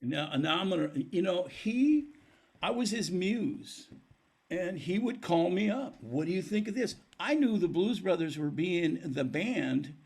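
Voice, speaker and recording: A husky, high voice comes from an older man who speaks without hurry. Appearing on a podcast as a musician guest, he spins stories and brings them to life by voicing the people in them.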